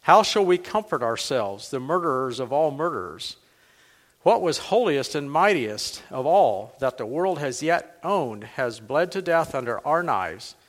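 A frantic madman fires off anguished, rhetorical questions, as a man reading aloud puts him on. The voice sits a little high for a man and rings with long reverb from a large hall. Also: lively intonation, a little slow. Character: frantic grieving male madman crying out.

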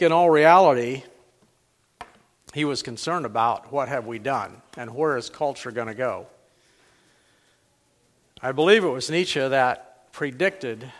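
A man giving a church lecture, speaking haltingly and repeating words as he goes. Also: medium pitch. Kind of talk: lecture with a read-aloud passage. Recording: long hall reverb.

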